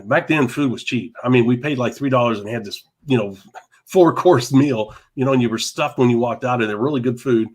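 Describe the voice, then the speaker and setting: A man with a mid-pitched everyday voice tells a rambling anecdote on a live talk show. He gets animated, laughs through his lines and trips over his words. His tone stays casual and chatty. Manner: animated, laughing, repeats words, mild cursing. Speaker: podcast co-host. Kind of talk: casual storytelling chat.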